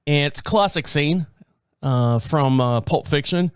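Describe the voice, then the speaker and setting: A man's voice: fairly high pitch, unhurried, smooth, no echo, clean studio sound. A middle-aged man hosting a podcast, rambling casually and foul-mouthed, laughing often and acting out quotes. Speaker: podcast host.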